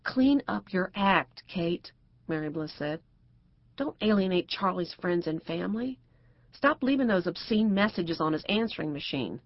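A woman's voice: fairly low pitch, animated, moderate pace, no room sound, highs cut off. A woman narrator voicing a prim, cautious middle-aged housewife who speaks properly and frets. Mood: prim, fretful. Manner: proper and fretful.

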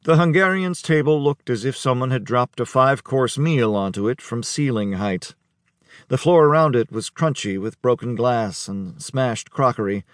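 A man reading an audiobook in a measured, even storytelling manner. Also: medium pitch, no room sound. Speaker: audiobook narrator. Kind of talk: scripted narration. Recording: dry studio, close mic.

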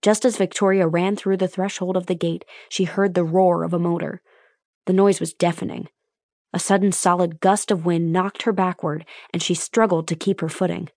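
A woman with a lowish voice reads a suspense audiobook in a steady, measured way. The recording is close and very dry, with no room sound at all. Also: no room sound. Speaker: audiobook narrator. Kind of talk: scripted narration.

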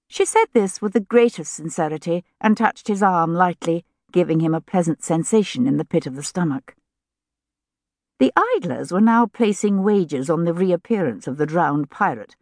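A woman narrating a novel in a measured, lightly amused way. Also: on the low side, animated, darkish tone, no room sound, clean studio sound. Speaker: audiobook narrator. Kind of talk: scripted narration. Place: recording studio.

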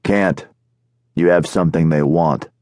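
A man doing a gruff, mocking caravan guard. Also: low voice, fairly even intonation, unhurried, darkish tone, no room sound.

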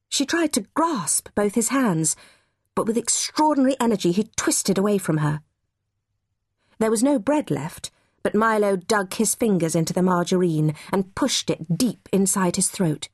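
A woman narrating a children's novel as an audiobook, in measured, expressive storytelling. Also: medium pitch, breathy edge, no echo, clean studio sound.

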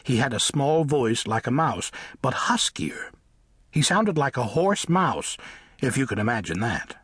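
A man narrating a children's audiobook with lively, expressive storytelling. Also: mid-range voice, measured pace, husky, dry recording, studio quality. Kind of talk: scripted narration of a children's book.

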